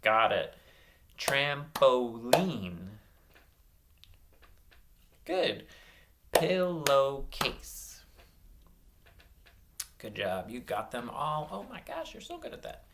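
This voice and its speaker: Gravelly male teacher leading a kids' lesson. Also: on the low side, wildly swooping pitch, background noise. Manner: slow, drawn-out words with bright praise. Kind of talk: online phonics lesson for children.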